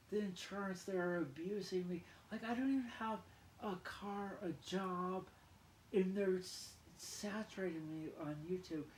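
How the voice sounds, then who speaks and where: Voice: mid-range voice, darkish tone, roomy sound, a little hiss or hum, rough recording. A vlogger talking to camera in a rambling, casual monologue, often apologizing and drifting into rants. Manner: rambling, keeps apologizing, ranting.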